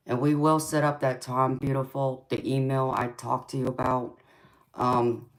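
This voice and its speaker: A woman's voice: a bass voice, darkish tone, a little hiss or hum, rough recording. A woman giving a live tarot reading and chatting with viewers, affectionate, calling people sweetheart and honey. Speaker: tarot reader.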